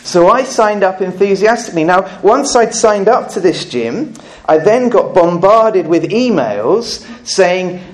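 A man's voice: high-pitched, expressive, a little slow, few pauses. A man preaching a sermon at a church service, earnest and often repeating words as he goes.

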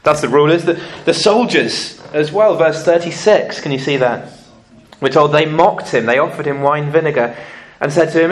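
A man preaching a sermon, telling stories lively and acting out what people said. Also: on the high side, normal speed. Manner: lively storytelling, acting out quotes.

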